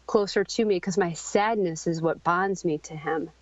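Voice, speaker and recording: A middle-aged woman pours out a raw personal story as a podcast guest, halting often and restarting her sentences. The recording is dry and a bit dull, with no room sound. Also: lowish voice, dry recording. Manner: halting, searching for words, many ums and restarts.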